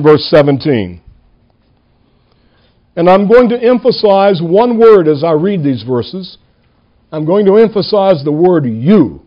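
A man, a pastor, preaching a sermon in a church, stressing single words and slowing down on key lines. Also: sits high, highs cut off.

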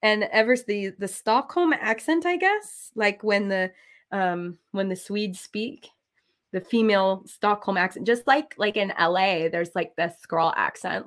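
Giggly, rambling American woman chatting. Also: medium pitch. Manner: rambling and giggly, full of "like" and "um", often trails into quick laughs. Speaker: cross-stitch designer and channel host. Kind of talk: chatty talk while stitching.

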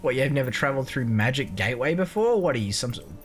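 Lively, swearing game commentator. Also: mid-range voice, quick pace. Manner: swearing, joking, talks to the game character. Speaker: let's play host. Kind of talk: gameplay commentary.

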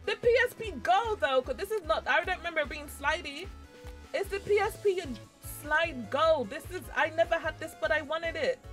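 Excitable high-voiced woman game streamer. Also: normal speed. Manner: excitable, talks to game characters, squeals and shrieks when startled. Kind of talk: live gameplay commentary. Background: faint game music.

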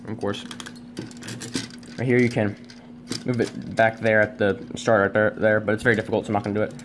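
A man's voice: on the low side, level tone, fairly quick, background noise. A man reviewing a toy at home on camera, rambling and self-deprecating, with many fillers and restarts. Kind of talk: casual unscripted review. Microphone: camera on a tripod.

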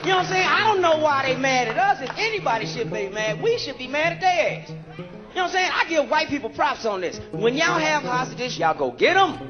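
A man with a high, very lively voice does brash, profane stand-up, jumping from mutters to shouts. He is heard on a dull, muffled recording of a club show, with a crowd and steady noise underneath. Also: brisk, music in the background. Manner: brash, profane, animated storytelling. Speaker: stand-up comedian. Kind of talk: live stand-up routine. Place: comedy club stage.

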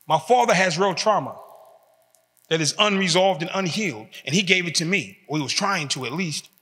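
A man in his fifties gives a motivational talk in a big reverberant hall. His voice sits high and sounds bright and forceful. He tells his story in animated street talk and acts out the other people's voices. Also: moderate pace. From United States. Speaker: motivational speaker. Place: large hall in a prison.

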